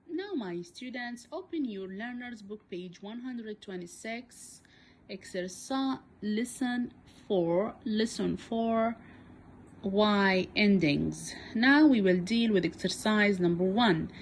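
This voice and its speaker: A woman whose first language is Arabic, teaching English to young children, speaking deliberately and repeating words for beginners. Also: medium pitch, animated, a little hiss or hum.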